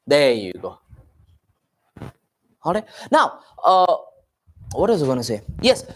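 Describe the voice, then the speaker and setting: Animated man preaching to a congregation. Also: on the high side, slow pace, pauses often. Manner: animated preaching with rhetorical questions and asides to the congregation. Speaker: pastor. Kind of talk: sermon. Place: church meeting.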